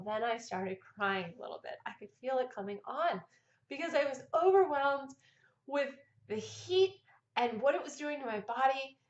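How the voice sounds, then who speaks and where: Lively high-voiced woman telling a story. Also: roomy sound, highs cut off. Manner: animated, laughing storyteller. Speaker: vlogger. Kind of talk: casual personal storytelling.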